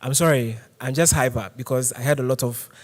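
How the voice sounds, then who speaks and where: A young man from Ghana hosting a conference game session, energetic and joking, talking to a live audience. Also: mid-range voice, a little fast, in a large hall. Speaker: session host. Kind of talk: hyped conference game host. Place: conference hall.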